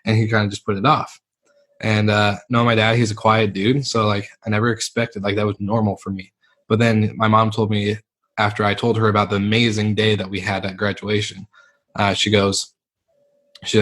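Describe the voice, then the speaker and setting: A man's voice: lowish voice, level tone, normal speed, fairly bright tone. A young man telling his life story as a podcast guest, laid-back and rambling, with lots of fillers. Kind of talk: candid storytelling interview.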